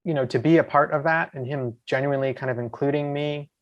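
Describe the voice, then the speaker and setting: A man's voice: fairly high pitch, fairly even intonation, fast talker, lo-fi sound. A man, a podcast guest, telling enthusiastic, rambling stories full of asides in casual chat. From USA. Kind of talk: casual storytelling.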